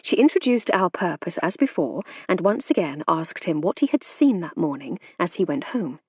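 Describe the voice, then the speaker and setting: A woman narrating an audiobook with expressive, varied storytelling. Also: fairly low pitch, moderate pace, slightly rough, no echo, lo-fi sound. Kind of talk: scripted narration.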